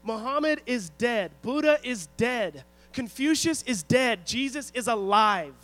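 A man's voice: extremely high pitch, expressive, measured pace, fairly bright tone, soft background music, poor audio. A man preaching a sermon, emphatic and storytelling, who often asks the congregation rhetorical questions. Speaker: pastor.

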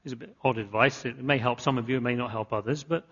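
A man's voice: mid-range voice, steady tone, fast, a bit bright, slightly rough, lo-fi sound. A man preaching a sermon, repeating key phrases and building to emphatic climaxes. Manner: earnest, repetitive emphatic preaching with rising climaxes. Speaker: pastor.

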